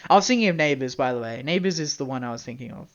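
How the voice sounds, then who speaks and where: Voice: mid-range voice, animated, very fast. Aussie streamer just chatting and rambling, laughs a lot, swears, kinda muffled lo-fi mic. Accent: Australian. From Australia. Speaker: live streamer. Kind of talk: casual live-stream chat.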